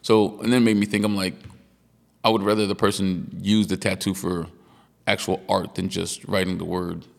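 Male co-host, gravelly lowish voice, lively swearing storyteller, long reverb. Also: normal speed. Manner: animated storyteller, laughs often, swears freely. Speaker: podcast co-host. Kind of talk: casual chat.

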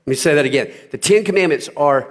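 A male pastor preaching a sermon, driving points home with emphatic repetition and rising to loud peaks. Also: on the high side, fast.

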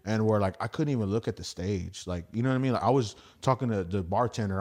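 A man's voice: fairly low pitch, fast, darkish tone. A man hosting a casual podcast, telling stand-up stories in a rambling, profane way and acting out quotes. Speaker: podcast host and stand-up comic. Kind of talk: casual storytelling chat.

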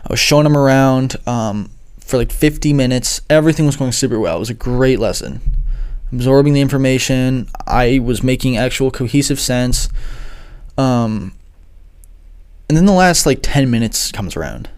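A man's voice: medium pitch, normal speed, darkish tone, clean tone. A young man, a music producer who gives lessons online, tells a rambling, swear-heavy story full of fillers. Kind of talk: casual storytelling monologue.

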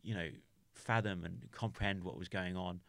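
A man from the United Kingdom talks through a hard memory as a podcast guest. His voice sits low, and the recording is dry and close with no room sound. He stumbles and restarts often, leaning on "you know" as he searches for words. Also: steady tone, vocal fry, fairly bright tone, dry recording. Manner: halting, with many restarts and "you know" fillers. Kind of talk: personal storytelling in an interview.

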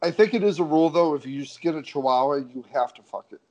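A man co-hosting a podcast, dropping crude deadpan jokes into a casual wrestling chat. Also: a little high, fast. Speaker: podcast co-host.

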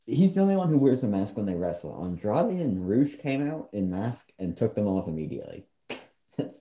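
A man's voice: fairly low pitch, big pitch swings, brisk, mellow, slight background noise. A man co-hosting a casual podcast chat, blunt and dismissive, often laughing at what he describes. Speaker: co-host. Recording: echoey dull-sounding room.

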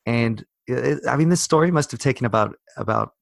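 A man's voice: mid-range voice, a little fast, vocal fry, dry recording, clean studio sound. A South African man telling a long story in casual chat on a video call, rambling with many restarts. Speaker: podcast co-host.

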